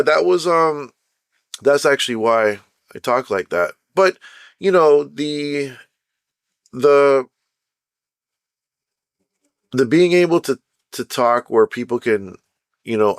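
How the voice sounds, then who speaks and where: A young man tells a personal story on his podcast in a relaxed, meandering way, circling back on his thoughts with "you know" and "like". His voice sits at an ordinary middle pitch. The recording is close and dry, with no room sound. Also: clear, resonant tone, no room sound. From Canada. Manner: rambling, many fillers and restarts. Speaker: podcast host. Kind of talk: casual storytelling monologue.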